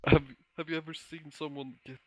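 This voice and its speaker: A man's voice: fairly high pitch, little pitch movement, a little fast, darkish tone, low-quality recording. Laughing, exasperated man in casual debate. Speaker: podcast co-host. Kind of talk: casual argumentative chat.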